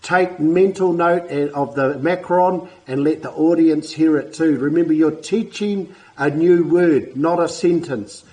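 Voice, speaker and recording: A man, coaching te reo learners in a casual talk to camera, repeating words slowly and clearly. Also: on the high side, poor audio. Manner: warm, encouraging, repeats words slowly for pronunciation.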